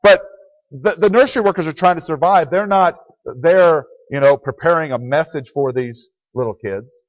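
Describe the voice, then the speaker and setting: A man's voice: fairly high pitch, normal speed, dry recording. A man preaching a conversational sermon as a pastor in a church, speaking plainly and answering the questions he puts to the congregation. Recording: dry, dull lo-fi sound.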